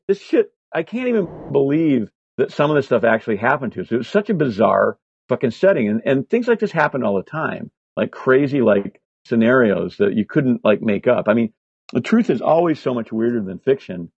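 A man in his sixties, a guest on an interview, telling animated, profane stories full of fillers. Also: mid-range voice, a little fast, vocal fry, slightly rough, no echo. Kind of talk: casual storytelling interview. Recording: slightly dull lo-fi audio.

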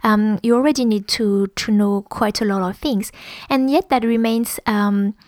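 A woman's voice: medium pitch, steady tone, unhurried, darkish tone, dry recording. A woman whose first language is French, speaking English with a French accent, giving conversational advice about language learning with many ums and restarts.

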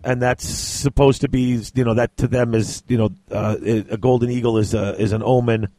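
Man, podcast co-host, excitable book talk with read-aloud bits, dry close sound. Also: medium pitch, moderate pace, no room sound. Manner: laughs often, enthusiastic, reads excerpts aloud. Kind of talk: casual book discussion with read-aloud passages.

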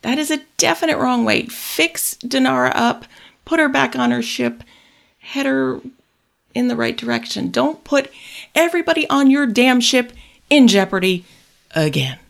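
A woman's voice: sits high, moderate pace, vocal fry. A woman co-hosting a podcast, chatting casually and giving blunt, teasing opinions on an episode. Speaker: podcast co-host. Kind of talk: casual chat about a TV episode.

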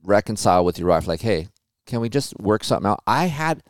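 A man in his forties hosting a podcast, telling stories in a casual, animated way with plenty of swearing. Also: lowish voice, fairly quick, clean tone, no room sound. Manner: animated storytelling with profanity. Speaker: podcast host. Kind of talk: casual chat.

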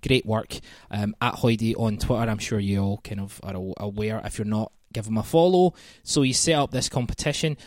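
A man's voice: fairly low pitch, brisk, hardly any pauses, dry recording. Male podcast host, chatty and self-deprecating, dry close sound. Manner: chatty, self-deprecating, many ums and restarts. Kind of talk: casual podcast chat.

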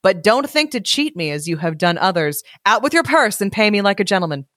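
A woman voicing a tiny, sly male leprechaun who demands payment, read aloud from a storybook in a high, cheeky voice. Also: sing-song, brisk, fairly bright tone, no room sound, clean studio sound. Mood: demanding.

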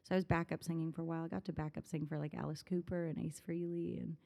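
A woman's voice: deep voice, level tone, quick pace, creaky, mellow. A woman musician in her thirties in a casual interview, chatting animatedly, often laughing and rambling through stories. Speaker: musician guest.

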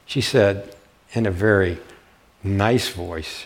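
With a deep, breathy-edged voice and a slow pace, an older man tells history as folksy stories in a public slide lecture. Set in a warm lecture room, he frequently checks in with listeners by asking "okay?"

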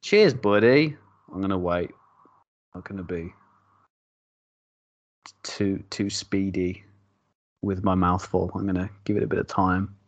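A man's voice: low-pitched, completely flat delivery, measured pace, long pauses, no room sound, muffled recording. A man co-hosting a casual beer-tasting podcast, jokey and rambling, laughing often. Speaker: podcast co-host.

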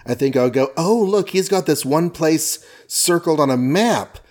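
A man's voice: a little high, animated, unhurried, darkish tone, voice pushed up. A man voicing a teenage male superhero in a comic recap, speaking casually and eagerly.

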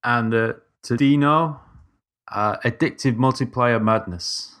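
A man's voice: mid-range voice, a bit bright. A man co-hosting a casual podcast, reading out listener messages. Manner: reads listener messages out slowly. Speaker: podcast co-host.

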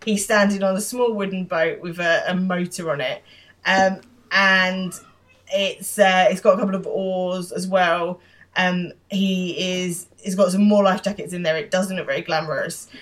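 A woman's voice: fairly low pitch, fairly even intonation, moderate pace, fairly bright tone. A woman co-hosting a podcast, describing scenes and explaining British slang in casual chat. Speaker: podcast co-host.

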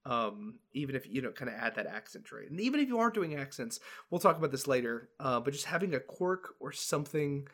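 A young man co-hosting a casual podcast chat, animated and laughing as he drops into silly character voices. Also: mid-range voice, fairly quick, few pauses. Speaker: podcast co-host, dungeon master.

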